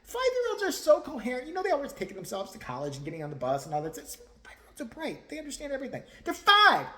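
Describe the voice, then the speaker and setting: A man's voice: very high-pitched, sharp tone. A male vlogger ranting crudely, mocking and laughing often as he talks. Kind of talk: profane rant commentary.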